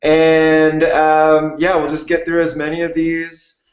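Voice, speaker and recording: A man's voice: a little high, monotone, slow pace. Chatty male host in an echoey room. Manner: friendly, rambling questions with fillers. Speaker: podcast host. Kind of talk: casual interview chat. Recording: roomy lo-fi remote audio.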